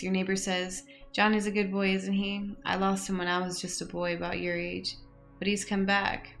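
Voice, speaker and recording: A woman's voice: fairly low pitch, gravelly, a bit bright. A young woman reading out game questions and reacting in a chatty way, laughing often and getting emotional. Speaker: gaming YouTuber.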